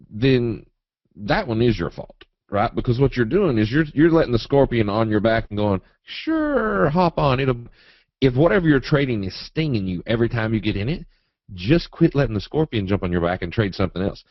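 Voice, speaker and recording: A man teaching a live trading webinar in a folksy, animated way, acting out quotes and chart moves. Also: medium pitch, moderate pace, no room sound. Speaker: trading educator. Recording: dull, dry webinar audio.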